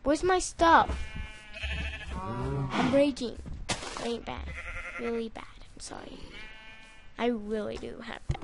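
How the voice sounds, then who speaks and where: A woman giving casual, rambling gameplay commentary, excitable and prone to loud outbursts, with music behind her. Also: fairly high pitch, unhurried, vocal fry, pauses often. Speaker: gaming YouTuber.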